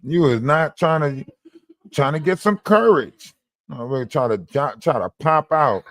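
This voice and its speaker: A man's voice: fairly high pitch, expressive, a little slow, fairly bright tone, dry recording, clean studio sound. A man hosting a livestream, ranting in a mocking, profane way and repeating lines for emphasis. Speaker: livestream host. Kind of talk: heated livestream rant.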